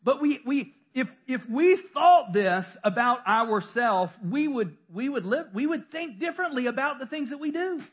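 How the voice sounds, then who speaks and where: A man's voice: very high voice, muffled recording. A male pastor preaching a sermon in a church, talking conversationally with self-deprecating stories, restarts and laughter.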